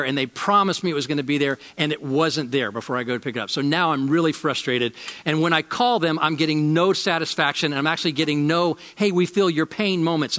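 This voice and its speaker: A man preaching a sermon as a pastor, telling a personal story and repeating key lines slowly for emphasis. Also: on the high side, long reverb tail. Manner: storytelling, shifts from loud emphasis to slow, quiet lines.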